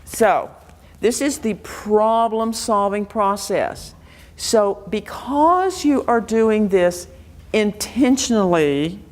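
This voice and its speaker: With a mid-range voice, a woman educator gives an interactive workshop lecture to a live audience in a room, firing off a string of questions to quiz them.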